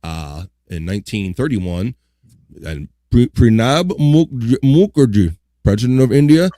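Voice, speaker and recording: A man's voice: mid-range voice, measured pace, no echo, studio quality. A man hosting a live online talk show, chatting casually and reading out history items with joking asides. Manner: relaxed, joking asides, reads items aloud. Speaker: livestream host.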